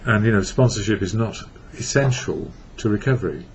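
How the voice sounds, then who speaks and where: A man from England talks fairly quickly in a fairly low voice. He's a recovery blogger giving a rambling personal reflection on recovery, stopping to correct himself as he goes, captured in dull lo-fi audio with faint hiss.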